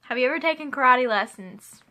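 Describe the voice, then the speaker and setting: A woman around twenty speaks casually from her home, wandering through questions with offhand asides. Her voice sits a little high and has a bright, forward edge. The delivery is chatty and unpolished. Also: expressive, a little fast. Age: 20s. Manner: chatty, rambling, laughs and asides. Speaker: vlogger. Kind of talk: casual chat answering a question tag. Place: home room with a pet playing.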